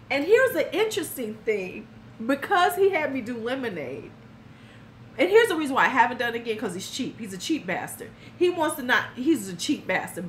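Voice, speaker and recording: Woman, fifties, live-stream host, blunt, animated, lively pitch. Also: slight background noise. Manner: frank, blunt and animated, addressing viewers by name. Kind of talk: casual live-stream storytelling.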